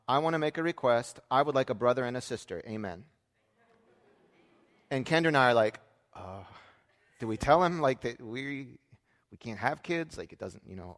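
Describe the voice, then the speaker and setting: Male pastor, thirties, sermon delivery, chatty storyteller, mid-pitched, long hall reverb. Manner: storytelling, conversational, swings from hushed asides to loud emphasis.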